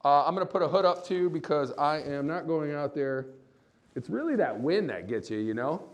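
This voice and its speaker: With a fairly high, animated voice at a moderate pace, this livestream host chats and laughs with viewers in a casual vlog. He's outdoors in freezing wind and snow, filmed on a tripod camera, and the recording is dry.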